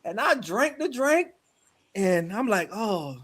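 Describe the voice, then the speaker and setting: Brief: middle-aged man, high voice, animated guest storyteller who acts out other people's lines. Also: takes it slowly, a crowd in the background. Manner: animated, slips into quoted voices. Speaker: guest, spiritual practitioner. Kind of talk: personal storytelling in conversation.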